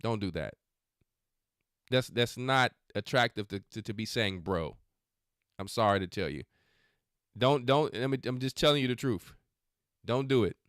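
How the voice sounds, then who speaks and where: A man's voice: mid-range voice, animated, moderate pace, pauses often, a bit bright, clean tone, dry recording, clean studio sound. A man hosting a faith podcast, giving casual, scolding commentary on videos he plays, mixing slang with prayer. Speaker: podcast host.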